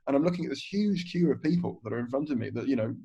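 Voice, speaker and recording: A man's voice: medium pitch, lively intonation, rapid-fire, creaky, dark tone, husky. A man, a stand-up comedian telling a story on a podcast, swearing freely and acting out other people's lines. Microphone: video call. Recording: dull, lo-fi video call audio.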